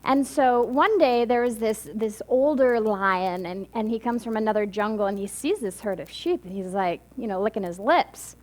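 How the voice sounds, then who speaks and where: A woman minister giving a Sunday talk, telling a story in a chatty, halting way with many restarts. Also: a little high. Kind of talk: sermon with storytelling.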